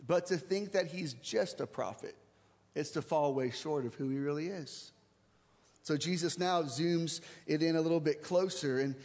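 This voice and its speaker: A man preaching a sermon as pastor, conversational and emphatic, slowing down and speeding up to stress his points. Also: high voice. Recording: long reverb of a large hall.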